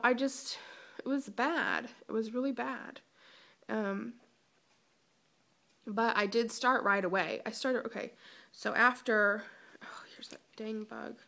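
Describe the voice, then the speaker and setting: A young woman talks straight to her camera in a personal vlog update, her voice fairly high and bright. She rambles with many ums and restarts. She is emotional and fights back tears as she goes. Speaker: vlogger.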